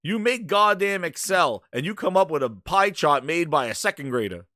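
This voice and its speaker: A man hosting a gaming podcast, ranting in profane, animated casual chat. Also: a little high, moderate pace, dry recording, clean studio sound. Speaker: podcast host.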